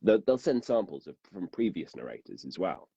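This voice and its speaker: A man's voice: low-pitched, very animated, moderate pace, mellow, slightly rough, dry recording, lo-fi sound. A man who narrates audiobooks, a guest chatting casually and self-deprecatingly with plenty of fillers over a call. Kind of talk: casual interview chat.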